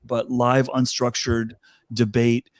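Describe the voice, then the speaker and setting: A man's voice: medium pitch, monotone, slow, dry recording. An older man speaking as an interview guest, earnest and thoughtful, with fillers and restarts. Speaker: guest, talent advisor. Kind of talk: reflective interview talk.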